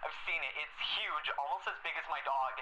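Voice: medium pitch, a little fast, over a noisy crowd, close to an everyday voice, rough recording. A voice actor playing a worried caller. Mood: urgent worried. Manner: urgent, worried. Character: nervous homeowner with a basement creature. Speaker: frightened caller.

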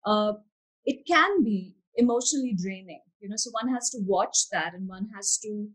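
A woman's voice: medium pitch, lively intonation, moderate pace, husky, poor audio. A woman architect and curator answering interview questions over a video call in an earnest, reflective way. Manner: earnest, reflective, speaks of faith. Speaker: architect and curator, panel guest.

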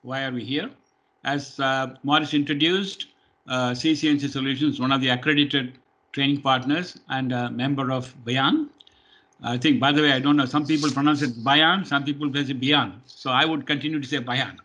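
Guy presenting a webinar, bright tone, explains stuff w lots of uhs. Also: medium pitch, steady tone, brisk. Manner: plain and explanatory, with many fillers. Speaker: webinar presenter, training firm head.

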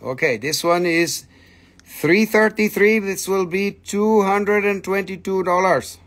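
Slow, higher-pitched man selling live. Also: a bit bright. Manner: playful, joking with viewers, talks to himself. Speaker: live-stream seller. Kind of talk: live-stream sales pitch. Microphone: phone.

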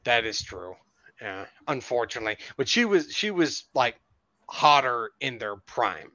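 A man co-hosting a podcast in casual chat, telling stories in an animated way and laughing often. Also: mid-range voice, measured pace, no room sound, highs cut off. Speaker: podcast co-host.

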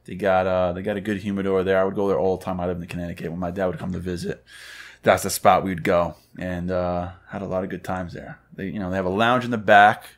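Low-voiced guy chatting loose on a cigar podcast, swears a bit, acts out stories. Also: flat delivery, fast talker. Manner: laid-back, swears casually, acts out funny stories. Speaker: podcast co-host. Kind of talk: casual chat. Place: cigar lounge podcast set.

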